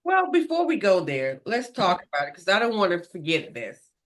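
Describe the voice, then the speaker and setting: A woman's voice: medium pitch, wildly swooping pitch, normal speed. A woman co-hosting a ministry podcast, chatting casually with playful, joking asides. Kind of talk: casual chat.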